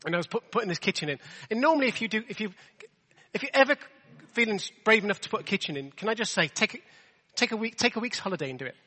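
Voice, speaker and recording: A man's voice: high voice, expressive, fast, sharp tone, big-room sound. A man preaching a sermon in a chatty, self-deprecating way, full of rhetorical questions. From England.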